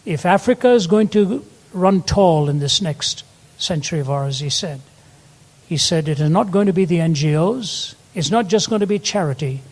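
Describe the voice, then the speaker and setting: A man's voice: a little high, animated, moderate pace, a little mellow. An older man preaching a sermon, telling stories and rising to emphatic peaks. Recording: long hall reverb.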